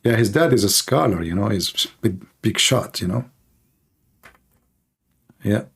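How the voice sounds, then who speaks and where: A man hosting a live call-in debate stream, mocking and combative in manner, his voice hoarse and tired with occasional coughs. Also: on the low side, lively intonation, measured pace. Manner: mocking, combative, repeats points rhetorically. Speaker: livestream host debating callers.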